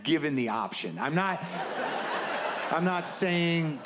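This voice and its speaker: A slightly high-voiced comedian performs stand-up slowly but with lively intonation, ranting, rambling, and adding sardonic asides. Heavy background noise accompanies the faint laughter and ambience of the live audience.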